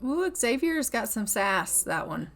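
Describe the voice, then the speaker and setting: A woman's voice: fairly high pitch, big pitch swings, unhurried, a bit bright, slight background noise. A woman chatting affectionately as she narrates a life-sim game, often laughing. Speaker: gameplay commentator. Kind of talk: casual let's-play commentary.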